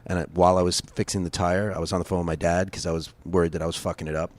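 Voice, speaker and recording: Deep-voiced middle-aged guest, loose and profane, spinning chaotic city stories. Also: male voice, little pitch movement, very fast, a little mellow. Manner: profane, rambling, laughs through stories. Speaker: podcast guest, bar co-owner. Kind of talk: casual storytelling chat. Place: closed bar, seated at table.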